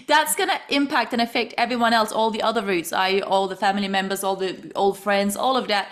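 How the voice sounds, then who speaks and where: A woman's voice: fairly high pitch, fairly quick, hardly any pauses, a bit bright. A woman hosting a podcast interview, chatting in a bubbly way and laughing often. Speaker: podcast host. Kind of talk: casual interview chat.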